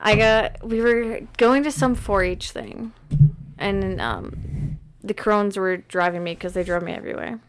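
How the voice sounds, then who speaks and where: Woman, thirties, podcast co-host; casual storyteller, filler-heavy, mid-pitched voice. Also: lively intonation, a little slow. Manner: chatty storyteller, lots of "like" fillers. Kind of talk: casual chat.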